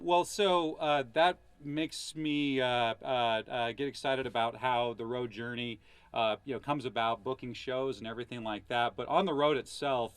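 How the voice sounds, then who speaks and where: A man's voice: mid-range voice, fairly bright tone, smooth, no room sound. A man interviewing a band, asking questions hesitantly with many fillers. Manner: hesitant, lots of uhs when asking questions. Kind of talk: casual interview.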